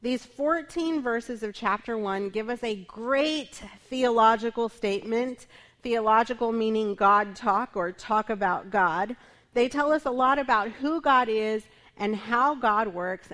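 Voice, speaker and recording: A woman's voice: fairly high pitch, unhurried, fairly bright tone. A middle-aged woman pastor preaching a sermon in a conversational way, often tagging her points with "right?". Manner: conversational, frequent tag "right?".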